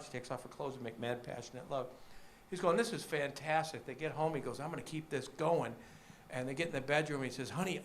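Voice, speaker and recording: A man's voice: a little high, a little hiss or hum. A man doing a stand-up comedy set on a club stage, chatting with the crowd between punchlines. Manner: joke-telling with punchlines, chatty asides to the crowd.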